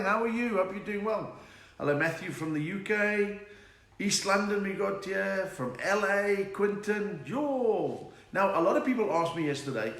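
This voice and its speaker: A somewhat bright, higher-pitched male voice belongs to a middle-aged man hosting a casual live stream in a room at home. He's chatty and jokey, calling out viewers by name and reading their greetings. There's a roomy echo and faint background noise.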